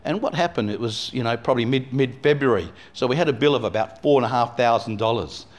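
A man's voice: medium pitch, fast. A man, a pastor telling a personal story in a sermon, rambling with many asides. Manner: rambling, lots of "you know" and restarts.

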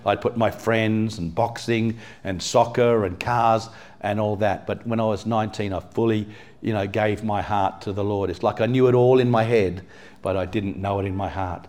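Chatty English-born pastor, lowish voice. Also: male voice, fairly even intonation, normal speed, a little mellow. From England. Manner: conversational, full of "you know", asks the congregation questions. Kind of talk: sermon. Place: church in front of a congregation.

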